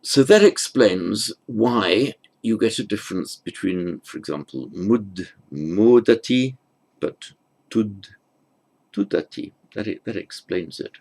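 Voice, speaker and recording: Slow, gravelly man teaching grammar. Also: fairly low pitch, animated, darkish tone. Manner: thinking aloud, with fillers and self-corrections. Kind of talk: grammar lecture.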